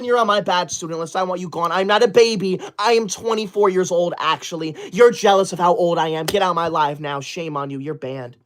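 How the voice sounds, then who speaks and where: A man's voice: sits high, brisk, few pauses. A young man hosting a comedy livestream in character, reading out super chats and scolding chatters in a prim, indignant, defensive way with overly formal wording. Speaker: livestream host.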